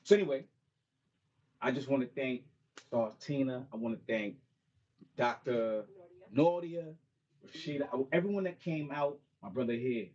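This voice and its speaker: Husky-voiced man talking to a small crowd. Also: mid-range voice, a little mellow, highs cut off. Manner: conversational, repeats "you know what I mean". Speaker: author and mentor speaking at a book launch. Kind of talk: casual talk and a cappella spoken-word song. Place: bookstore event with a small live audience.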